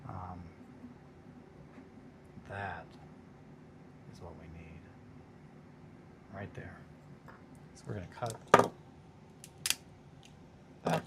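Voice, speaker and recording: A man's voice: low-pitched, takes it slowly, long pauses, heavy background noise. A tired man in a casual, rambling chat while painting miniatures on a stream. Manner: rambling, laid-back, talks to himself and his pets.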